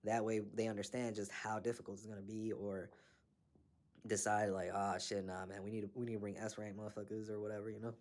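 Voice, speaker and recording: A man's voice: fairly low pitch, level tone, quick pace, darkish tone. Profane, slangy man recapping an anime. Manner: slangy, profane, laughing, acts out characters. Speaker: anime reviewer. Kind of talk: casual recap with commentary.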